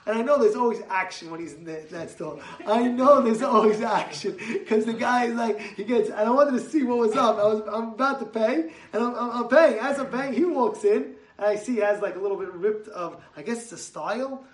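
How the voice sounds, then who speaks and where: A man's voice: extremely high pitch, a little fast, few pauses. A man giving a casual Torah talk to a congregation, telling stories and acting out quotes with a raised voice. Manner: animated, acts out quotes with raised voice. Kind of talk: casual sermon with storytelling. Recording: echoey room from far off.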